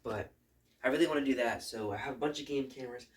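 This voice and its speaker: A young man, chatting casually to camera as an outdoors vlogger, rambling and folksy, his voice still rough from a recent illness. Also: medium pitch, quick pace. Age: young adult. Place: outdoors at a farm in winter.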